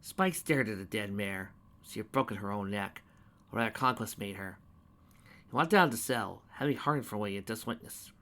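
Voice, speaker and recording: Male narrator, bright and dramatic, fan fiction reading. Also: lowish voice, expressive, normal speed.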